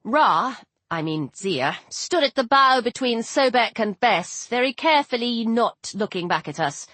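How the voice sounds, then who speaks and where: A woman narrating an audiobook in the first person with lively, wry storytelling. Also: on the high side, unhurried, dry recording.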